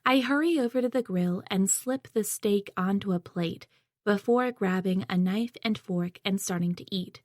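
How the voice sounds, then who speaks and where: A woman reading a first-person audiobook in a measured, reflective way. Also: mid-range voice, no room sound, studio quality. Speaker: audiobook narrator.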